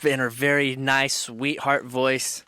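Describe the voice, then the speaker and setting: A man's voice: medium pitch, little pitch movement, takes it slowly, pushed and bright, clear, resonant tone. A man co-hosting a radio show, telling stories with a laugh. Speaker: radio co-host. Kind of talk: casual radio banter.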